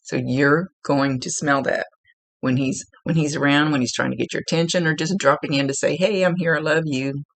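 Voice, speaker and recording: A woman's voice: sits low, fairly even intonation, fairly quick, creaky, no echo. A woman working as a psychic medium, giving a spirit reading to a client in a rambling way, searching for words and restarting her sentences.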